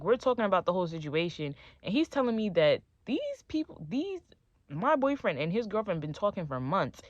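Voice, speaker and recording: A young woman with a fairly low voice tells a personal story in a casual, slangy way. She acts out what people said with sudden leaps up in pitch. The recording is dry and a little dull. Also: no room sound. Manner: animated, slangy, acts out dialogue with big pitch jumps. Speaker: storytime vlogger.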